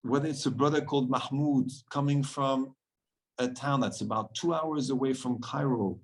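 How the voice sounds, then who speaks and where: A man talks in a middle register, earnest and reflective. He is a podcast guest who tells his stories warmly and breaks into easy laughter. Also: mid-range voice, steady tone, normal speed, low-quality recording. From France. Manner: earnest, storytelling, laughs often. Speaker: guest, men's circle facilitator.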